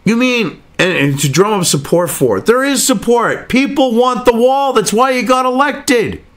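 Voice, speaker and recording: A man with a high, animated voice rants angrily and sarcastically, and he swears freely. He breaks off from reading news aloud to argue with it, and his pitch jumps all over the place. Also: normal speed. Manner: angry, profane, sarcastic ranting. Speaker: political commentary host.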